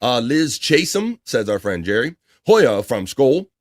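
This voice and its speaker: A man's voice: mid-range voice, big pitch swings, a little slow, dry recording, clean studio sound. A man hosting a casual livestream, reading viewer messages aloud in a loose, chatty way. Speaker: livestream host reading chat. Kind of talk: casual chat.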